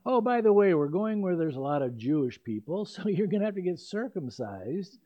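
An older man voicing a cheerful apostle who cheerfully pitches a hard journey to a young recruit, in a joking sales-pitch manner. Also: big pitch swings, moderate pace. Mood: upbeat, teasing. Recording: dull lo-fi recording.

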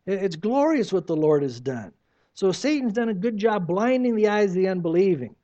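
A man's voice: high voice, a little mellow. A man in his sixties preaching a conversational sermon, slipping into acted asides and quoted voices. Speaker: pastor. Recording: dull lo-fi recording.

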